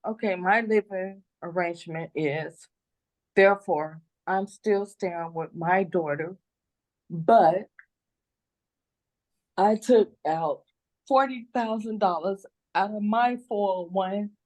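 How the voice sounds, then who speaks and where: A grandmother in a custody case makes her closing plea over a phone video call, crying, rambling and saying the same things again. Her mid-range voice is slightly mellow and she talks at a slow pace.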